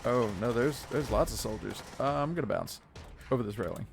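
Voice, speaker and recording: A man's voice: medium pitch, lively intonation, fairly quick, gravelly, soft background music. A man in his thirties streaming a game live, chatting in a rambling way with his viewers between moves. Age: 30s. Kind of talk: live gameplay commentary.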